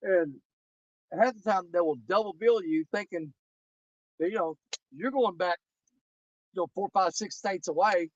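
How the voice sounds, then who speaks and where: A man telling animated, indignant stories in casual chat. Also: high voice, measured pace, pauses often. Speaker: angler co-host. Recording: dull lo-fi recording.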